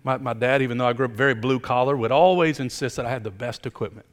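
Male pastor, middle-aged, emphatic sermon delivery, mid pitch, reverberant sanctuary. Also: quick pace. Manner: emphatic preaching, building up and then dropping low. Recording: long hall reverb.

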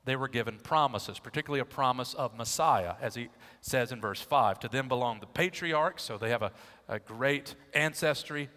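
A man's voice: medium pitch, normal speed, pushed and bright. A man preaching an expository sermon, teaching emphatically and asking his listeners rhetorical questions. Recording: long hall reverb.

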